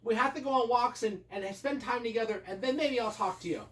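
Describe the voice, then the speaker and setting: Dad putting on a high wary princess. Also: male voice, brisk, fairly bright tone. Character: scared young princess, sharp and wary. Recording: roomy, distant, noisy home recording.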